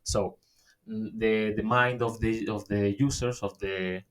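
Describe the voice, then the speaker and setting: Slow-talking man giving a webinar. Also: fairly low pitch, steady tone. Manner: halting, many fillers and restarts, says "okay?" often. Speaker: webinar presenter. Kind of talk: online workshop talk.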